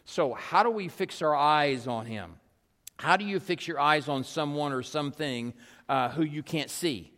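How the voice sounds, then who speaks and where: A man preaching a sermon in a conversational way, with rhetorical questions, repeated calls and asides. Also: a little high. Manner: drops to a soft, slow, hushed delivery. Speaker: pastor. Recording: long hall reverb.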